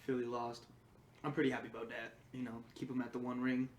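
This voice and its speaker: A man's voice: mid-range voice, level tone, fast talker. Rambling man in an echoey room. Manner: rambling, filler-heavy. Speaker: podcast guest. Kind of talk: casual chat. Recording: echoey room with faint hiss.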